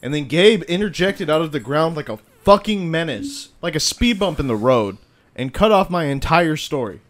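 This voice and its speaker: A man's voice: fairly high pitch, expressive, moderate pace. Casual podcast co-host, young guy, loose rambling chat. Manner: rambling, swearing, playful.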